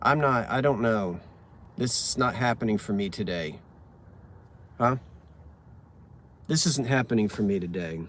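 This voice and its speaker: A man sits in his car casually reading lame jokes, poking fun at himself and tripping on words. His lowish voice is fairly bright, and he speaks at a measured pace with long pauses, over slight background noise.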